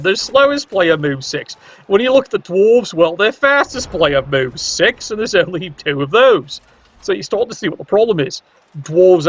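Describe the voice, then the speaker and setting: A man's voice: sits high, a bit bright, muffled recording. A man giving casual, chatty commentary on a tabletop-style video game, joking with viewers in the chat.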